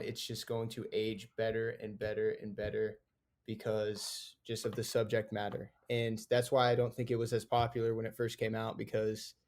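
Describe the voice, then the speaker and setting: Flat-toned man explaining a film's premise. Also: on the low side, creaky. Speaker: podcast co-host. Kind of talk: casual film discussion.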